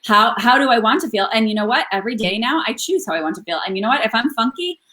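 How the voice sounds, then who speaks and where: A woman in her thirties co-hosting a casual talk, telling her story openly with lively acted-out quotes. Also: a little high, fast, low-quality recording. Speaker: podcast co-host. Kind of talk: casual chat.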